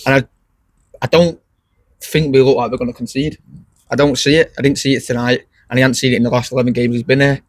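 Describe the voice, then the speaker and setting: A man's voice: medium pitch, flat delivery, fast, dry recording. A man, a footballer joking about himself in casual post-match chat. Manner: jokey, laid-back.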